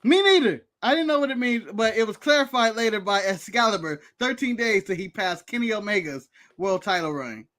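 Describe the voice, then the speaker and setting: Um homem dos Estados Unidos, co-apresentador de podcast, em conversa descontraída, animado e provocador, rindo com frequência. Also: male voice, high-pitched, brisk, hardly any pauses. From United States. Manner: animated, teasing, laughs often. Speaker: podcast co-host. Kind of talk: casual chat.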